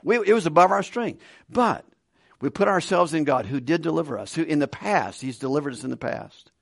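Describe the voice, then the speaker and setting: A man preaching a conversational Bible study sermon with animated delivery and frequent chuckles. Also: fairly high pitch, fairly quick, creaky, no room sound, studio quality. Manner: conversational, animated, laughs between points.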